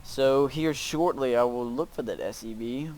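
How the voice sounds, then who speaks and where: A man's voice: medium pitch, moderate pace, a little mellow, slight background noise. A man casually commenting over his own strategy game replay, rambling with lots of fillers and restarts. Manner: rambling, filler-heavy, self-narrating. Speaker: gameplay commentator. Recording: faint music behind voice. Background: faint background music.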